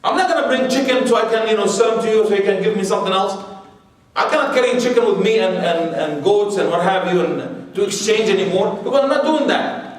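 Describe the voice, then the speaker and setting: A man's voice: sits high, lively intonation, quick pace. A man giving a religious history lecture to an audience, chatty and digressive, full of "you know" and rhetorical questions. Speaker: Islamic lecturer. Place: large room with a live audience. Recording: very echoey hall, mic far off.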